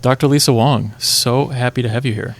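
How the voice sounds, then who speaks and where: A man's voice: mid-range voice, steady tone, a little fast, slight background noise. A man co-hosting a music podcast, chatting in a playful, teasing way with the guest and the host. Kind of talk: casual podcast chat.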